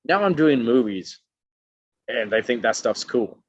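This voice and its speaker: A man's voice: medium pitch, measured pace, no room sound. A middle-aged man from Alabama, an actor telling stories in a casual interview and acting out the people he quotes. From Alabama, USA. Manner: animated, acts out quotes with many voices. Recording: dull dry lo-fi sound.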